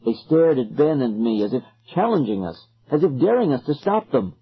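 A man narrating a story in an expressive, suspenseful way, on a dull lo-fi recording. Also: medium pitch, normal speed, slightly rough. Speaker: audiobook narrator.

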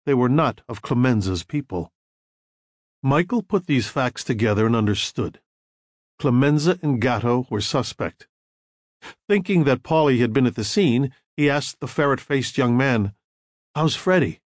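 A male audiobook narrator reading in a measured storytelling manner at a mid pitch. His intonation rises and falls in a lively way, and the recording is close and dry. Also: no room sound. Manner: measured storytelling with acted dialogue.

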